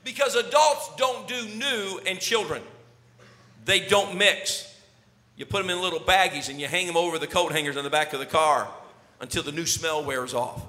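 A middle-aged man preaching a sermon, telling a story and swinging from loud calls to hushed words. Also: fairly high pitch, normal speed. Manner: animated, swings from shouting to near whisper. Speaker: pastor. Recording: long hall reverb.

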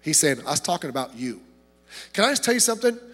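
Male pastor, high voice, impassioned sermon delivery, recorded in a reverberant church. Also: very animated, quick pace, breathy edge, soft background music. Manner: impassioned preaching, swings from loud to hushed, frequent repetitions.

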